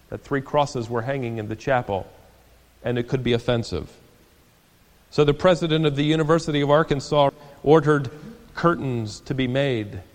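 A man preaching a sermon, telling stories softly and low, then building to loud, emphatic declarations. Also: long reverb tail. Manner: dramatic preaching, swinging from soft low storytelling to loud emphatic peaks. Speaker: pastor.

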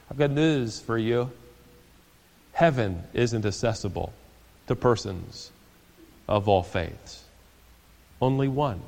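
A man preaching a sermon, telling stories softly and low, then building to loud, emphatic declarations. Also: long reverb tail. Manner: dramatic preaching, swinging from soft low storytelling to loud emphatic peaks. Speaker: pastor.

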